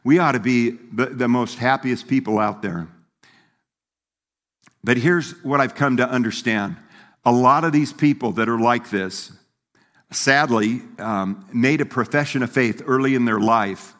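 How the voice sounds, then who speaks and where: A man's voice: mid-range voice, measured pace, a bit bright. Folksy male pastor in a reverberant hall. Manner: folksy, conversational preaching with laughs and quoted voices. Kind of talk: sermon.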